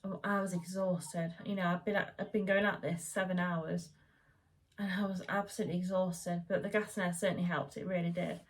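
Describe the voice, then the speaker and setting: A woman's voice: on the low side, little pitch movement, brisk. A young woman telling a long personal story in a chatty, rambling way, full of fillers and restarts. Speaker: vlogger. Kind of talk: casual chat.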